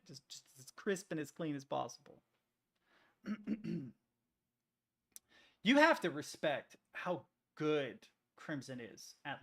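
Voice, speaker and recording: A man's voice: a little high, gravelly, fairly bright tone. A man streaming, chatting casually in a rambling way with frequent swearing and restarts. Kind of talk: casual rambling chat while working on stream.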